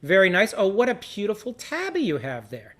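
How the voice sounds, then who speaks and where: A man's voice: high voice, huge pitch swings, fairly quick. A man leading an online seder, cueing participants in an encouraging, casual way with fillers. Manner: upbeat, encouraging, with frequent fillers. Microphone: video call.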